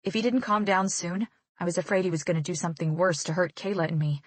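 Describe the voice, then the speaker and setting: A woman's voice: fairly low pitch, steady tone, quick pace, no echo. A woman reading a first-person romance audiobook in a tense, dramatic way. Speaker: audiobook narrator.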